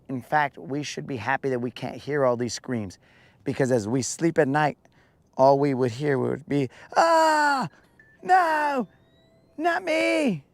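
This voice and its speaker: A man hosting a casual live stream, in his rough morning voice with a dry mouth, rambling playfully and calling his viewers bro. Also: medium pitch, a little mellow, dry recording. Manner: playful rambling storyteller, addresses chat as bro. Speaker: fishing stream host.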